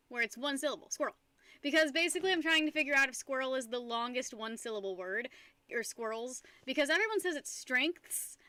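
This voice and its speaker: Bright, high-pitched chatty young woman. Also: no echo. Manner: chatty, rambling, giggly, greets chat often. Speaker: streamer. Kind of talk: casual live-stream chat. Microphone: desk microphone.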